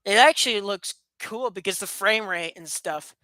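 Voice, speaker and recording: At home, a woman vlogs to her webcam in a casual chat that's playful and rambling, full of laughter and sarcastic jokes. Her voice is medium-pitched, pushed and bright, at a normal speed, with no echo. A fast fan runs in the room.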